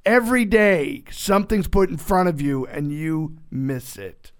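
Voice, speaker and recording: A man being interviewed, telling joking anecdotes in a casual, animated way, often interrupting himself mid-sentence. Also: on the high side, measured pace, clear, resonant tone. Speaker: actor guest.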